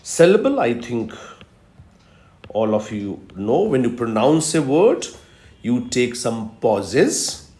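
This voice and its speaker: A man who teaches literature lectures unhurriedly on video at a medium pitch, his voice echoing through a roomy space. He lays things out one step at a time, says "uh" a lot, and keeps repeating key terms.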